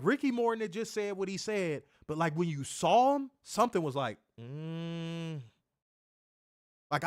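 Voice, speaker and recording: A man's voice: on the high side, dry recording, studio quality. A man hosting a wrestling show, telling a story in a casual, rambling way. He repeats himself, corrects himself and swears.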